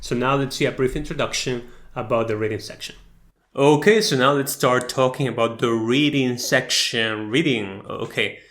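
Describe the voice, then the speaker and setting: A man's voice: mid-range voice, moderate pace, a bit bright. A man teaching an online exam-prep lesson, explaining step by step and often checking in with "okay?" and "right?".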